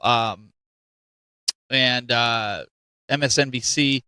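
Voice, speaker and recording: A middle-aged man hosting a relaxed gaming podcast, talking in loose, animated bursts and restarting his sentences. His voice sits in an ordinary middle range. The sound is dry and close, with no room around it. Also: mid-range voice, drawn-out words, clear, resonant tone, dry recording. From Ohio. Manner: rambling, animated, restarts often. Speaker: podcast host. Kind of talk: casual panel chat.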